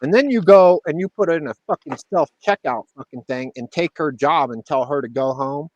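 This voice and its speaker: Profane, animated man telling stories. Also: a little high, moderate pace, no echo, lo-fi sound. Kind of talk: casual chat.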